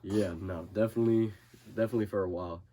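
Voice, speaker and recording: A young boxer guesting on a podcast tells a story in a low, dark voice, quick-paced but fairly even in intonation. He swears constantly in the casual chat and acts out his friend's panicked voice.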